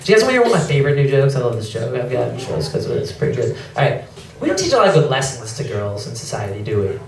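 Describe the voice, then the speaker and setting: A man's voice: mid-range voice, huge pitch swings. Young male stand-up comic, sheepish and apologetic, heard from a distance in a reverberant room. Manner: self-deprecating, apologetic asides, quick mimicry of others. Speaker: stand-up comedian. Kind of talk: stand-up comedy set. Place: comedy club stage. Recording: echoey club, mic heard from afar, crowd laughter. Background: audience laughing.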